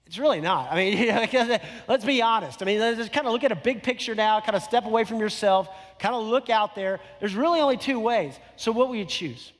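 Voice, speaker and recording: A man's voice: high voice, quick pace, few pauses, a bit bright. A middle-aged man preaching a sermon, telling a story in a conversational way with emphatic repetition. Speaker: pastor. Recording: long hall reverb.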